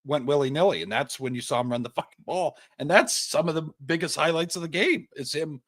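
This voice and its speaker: A man's voice: a little high, fairly quick, a bit bright. A young man co-hosting a sports podcast, ranting heatedly and swearing often in casual chat. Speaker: podcast co-host.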